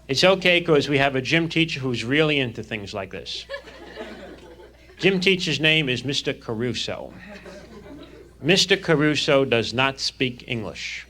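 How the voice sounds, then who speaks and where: A man telling fast stand-up stories about his school days, on a crackly vinyl record. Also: medium pitch, pushed and bright. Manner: fast anecdotal delivery. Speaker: stand-up comedian. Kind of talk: stand-up storytelling.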